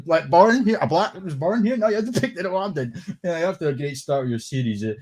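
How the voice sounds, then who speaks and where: A man's voice: fairly high pitch, animated, fast talker, hardly any pauses, darkish tone, husky. A man with a Scottish accent doing a sweary, scornful casual rant on a live stream, laughing often. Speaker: livestream commentator.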